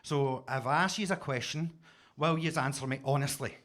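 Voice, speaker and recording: A man's voice: mid-range voice, normal speed, a bit bright. A Scottish man in his forties doing a stand-up set in a basement comedy club, with punchy, self-mocking storytelling. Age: 40s.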